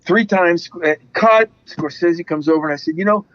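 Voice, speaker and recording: A man tells stories from his acting career in an animated way, jumping into the voices of the people he quotes. His voice sits a bit high. The sound is dull and dry, with no room around it. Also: moderate pace, no echo. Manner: animated storyteller acting out quotes, laughs often. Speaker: actor, interview guest. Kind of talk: anecdotal storytelling.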